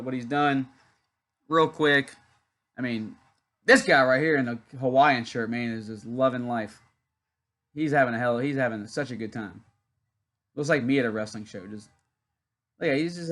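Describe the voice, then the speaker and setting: Long pauses mark the speech of this young Louisiana man, whose mid-range voice is a bit bright and moves at normal speed. As host of a casual YouTube wrestling watch-along, he rambles through a story between comments on the match.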